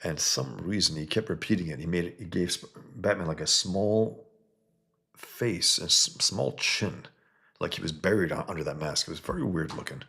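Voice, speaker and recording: Deep voiced guy rambling on about a comic to his viewers, chatty. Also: normal speed, creaky, bright, forceful tone. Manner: rambling, conversational, many restarts. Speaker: comic book reviewer. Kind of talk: casual video commentary.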